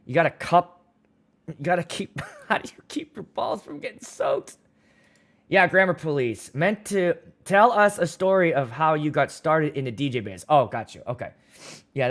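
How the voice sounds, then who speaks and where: A man with a medium-pitched, fairly bright voice hosts a casual livestream as a DJ. He reads viewer comments aloud into a studio microphone and rambles loosely, cracking crude jokes.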